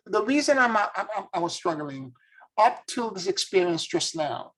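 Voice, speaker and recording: A man's voice: high-pitched, very animated, normal speed, a bit bright, poor audio. A man, a spiritual teacher and former tarot reader, telling a story in an earnest, reflective and emotional way.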